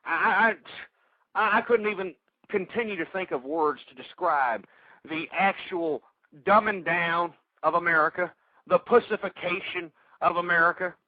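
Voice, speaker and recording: A man's voice: sits high, normal speed, no echo. Ranting man on tinny talk radio. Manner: ranting, insulting, stammering restarts. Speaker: radio talk show host. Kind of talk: angry political talk radio rant. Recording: tinny phone-like radio audio.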